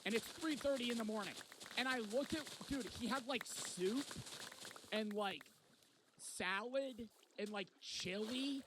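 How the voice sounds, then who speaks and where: A man's voice: very high-pitched, a little slow. A young man telling a rowdy travel story in casual, profane storytime style. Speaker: vlogger. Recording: noticeable background noise.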